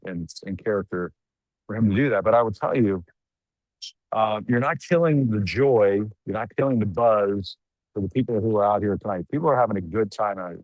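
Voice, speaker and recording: A middle-aged man delivers a live on-the-scene news report outdoors late at night. His voice sits a bit low, and the sound is dry and close with no room echo. He talks in a loose, conversational way, dropping wry asides between updates. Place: outdoors at night among a crowd.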